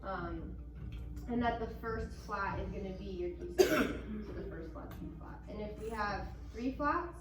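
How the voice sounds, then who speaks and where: A woman's voice: mid-range voice, normal speed. Woman, band teacher, upbeat, encouraging, casual talk, echoey room, distant mic. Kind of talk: classroom music lesson.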